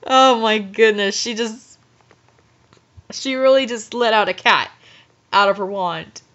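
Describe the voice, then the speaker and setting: A woman reading a story aloud for comedy, with exasperated, halting asides. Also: fairly high pitch, fairly bright tone. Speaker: reader and commentator. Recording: dull lo-fi recording.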